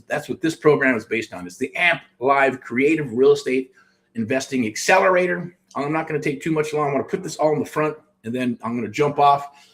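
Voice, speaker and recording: A middle-aged man from the United States hosting a show, talking casually and pitching a program, rambling with restarts and frequent swearing. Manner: rambling, profane, self-interrupting. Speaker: host. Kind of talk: casual promotional talk.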